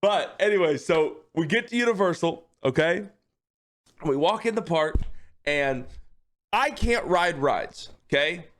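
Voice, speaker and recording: A male streamer with a somewhat high voice tells a story to his chat, keeping it loose and animated. He swears freely, breaks into laughter, and keeps asking "okay?" to pull his viewers along. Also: measured pace. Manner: laughs often while telling the story. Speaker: livestreamer.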